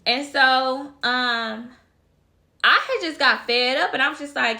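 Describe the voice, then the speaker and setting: A woman's voice: high-pitched, lively intonation, a little slow, vocal fry, sharp tone. A woman casually telling a personal story to her viewers, chatty and talking to them directly as y'all. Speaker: vlogger.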